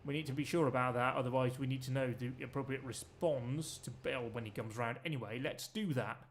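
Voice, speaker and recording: A man's voice: mid-range voice, a little fast, slight background noise. A man giving rambling, jokey let's-play commentary while streaming a farming game, swearing freely.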